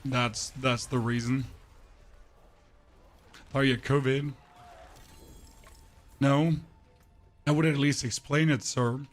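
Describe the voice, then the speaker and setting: A man's voice: mid-range voice, flat delivery, takes it slowly, long pauses. A man streaming a game and chatting with his viewers through a voice changer, opinionated and ranting, often tripping over his words. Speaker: gaming streamer. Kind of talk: casual livestream chat while gaming.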